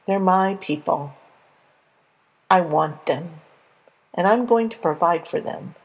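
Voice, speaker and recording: A woman voicing the Lord as a calm, reassuring male God in a spoken Bible story. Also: fairly low pitch, slow, husky, lo-fi sound, exaggerated voice.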